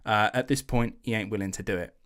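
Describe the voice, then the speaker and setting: Swearing, animated storyteller man. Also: lowish voice, fast talker. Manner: animated, swearing, acts out quotes in slangy voices. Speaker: podcast host telling a history story. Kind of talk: casual storytelling chat.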